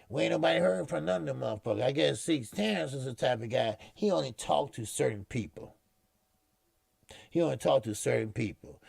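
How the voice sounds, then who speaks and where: Gravelly man rambling about boxing. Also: on the low side, darkish tone, no echo, studio quality. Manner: profane, rambling, repeats himself. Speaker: boxing show host. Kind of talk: casual live-stream commentary.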